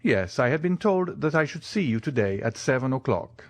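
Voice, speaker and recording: Male reader playing a courteous, commanding count: smooth, measured, lively in inflection, dry close sound. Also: medium pitch, no echo, pitched above the performer's own voice, lightly acted.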